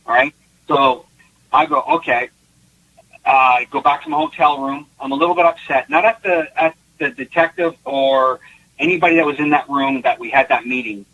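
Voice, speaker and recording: A man's voice: medium pitch, vocal fry. A man, a guest psychic, telling a long case story in casual interview talk, acting out the lines he quotes. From Canada. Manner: animated, acts out quotes, restarts. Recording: dull lo-fi online call audio.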